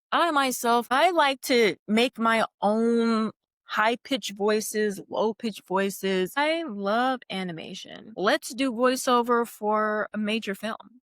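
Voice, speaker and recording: A woman's voice: on the high side, a bit bright, no room sound, studio quality. A young woman hosting her own podcast, talking in a casual, upbeat and encouraging way. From California. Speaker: podcast host. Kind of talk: casual solo podcast talk.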